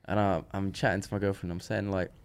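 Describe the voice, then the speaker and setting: A man's voice: low voice, quick pace, gravelly, clean tone. A man, a podcast guest, telling a story in casual chat and acting out the dialogue as he goes. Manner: animated, acts out quoted dialogue, frequent restarts.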